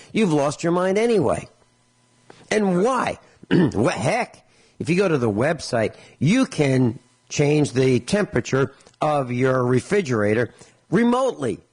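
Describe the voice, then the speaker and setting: A male talk radio host, telling stories with sarcasm and exasperation and acting out both sides of conversations. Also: fairly high pitch. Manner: animated storytelling, acts out both sides of conversations.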